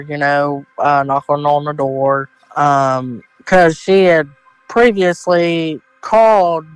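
A man's voice: a little high, fairly bright tone, clean tone, dry recording, low-quality recording. A man with an Ohio accent telling a family story in casual, rambling speech full of fillers and retold dialogue. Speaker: interviewee, relative of the mother.

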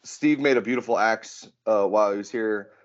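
Low-voiced guy rambling on a podcast, swears a lot, kinda muffled audio. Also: normal speed. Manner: casual, profane, rambling with fillers. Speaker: podcast host. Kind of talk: casual chat. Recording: dull lo-fi sound.

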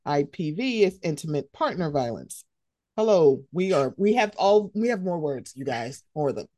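A young woman hosting a podcast in casual chat, animated and jumping into high, excited voices as she tells stories. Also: moderate pace, no echo, clean studio sound. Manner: animated, swings into high excited voices when quoting herself. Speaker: podcast host.

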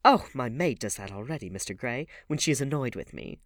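A man's voice: mid-range voice, animated, a little fast, a bit bright, no echo, studio quality, voice pushed up. A man voicing a witty, teasing aristocratic young duchess in an audiobook, with a playful, bantering manner.

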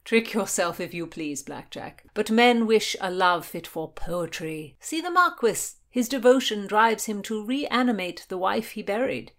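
A woman's voice: medium pitch, unhurried, hardly any pauses, a bit bright, voice pushed up. A woman voicing an eager, hot-blooded young Elizabethan squire in a storybook reading, with emphatic delivery.

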